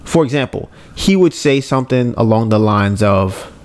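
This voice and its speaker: On a casual podcast, a male co-host talks at medium pitch and moderate pace, drifting along in a laid-back, fairly monotone style while swearing and fixing his own words.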